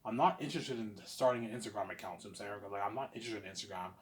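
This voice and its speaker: A man vlogging in a rambling, repetitive monologue, boastful and swinging between loud bursts and low mumbles. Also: racing. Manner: repetitive, boastful, keeps saying obviously.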